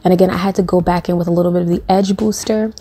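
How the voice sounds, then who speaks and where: A woman's voice: lowish voice, steady tone, very fast, dark tone, husky. A young woman talking through a hair tutorial in a sassy, playful, chatty way. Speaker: beauty vlogger.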